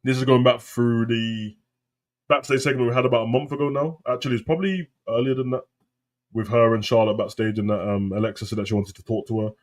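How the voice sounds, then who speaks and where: A young British man with London street slang, ranting casually on a live wrestling stream and breaking into loud high outbursts. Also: steady tone, quick pace. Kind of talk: live stream reaction chat.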